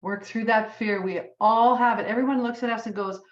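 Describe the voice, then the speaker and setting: A woman's voice: on the high side, steady tone, brisk, roomy sound, lo-fi sound. A woman in her sixties giving an urging motivational talk, repeating phrases for emphasis. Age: 60s. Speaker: business team leader. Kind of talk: motivational speech on a group call.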